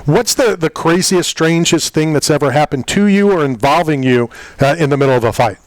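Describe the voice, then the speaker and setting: A man's voice: fairly high pitch, fairly quick, dry recording, poor audio. A man hosting a combat sports radio show, asking questions in a chatty, rambling way with many fillers. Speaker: talk radio host. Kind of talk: casual radio interview.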